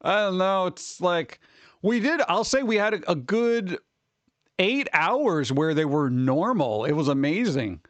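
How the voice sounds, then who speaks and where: A man hosting a livestream, chatting casually and rambling excitably with viewers, often laughing. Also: sits high, a little slow, dry recording. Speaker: livestream host. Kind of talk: casual chat with live viewers.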